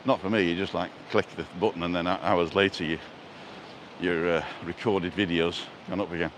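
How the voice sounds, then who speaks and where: A man's voice: low voice, fairly even intonation, fairly quick, background noise. A man hosting a casual walking live stream, talking into a handheld phone outdoors with a chatty, self-mocking, punning way of speaking. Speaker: vlogger and live-stream host. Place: outdoors, walking along a street in a seaside resort. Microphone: handheld phone camera.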